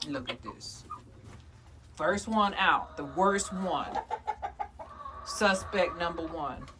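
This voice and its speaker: Speaking slowly in a fairly low voice against a noisy background, a homesteader vlogs casually from her backyard coop. She teases her hens in a playful way and addresses them like children.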